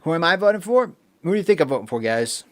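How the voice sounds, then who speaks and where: A man's voice: a little high, sing-song, quick pace. A man hosting a live stream, chatting casually and reading viewer comments aloud with lots of fillers. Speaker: livestream host.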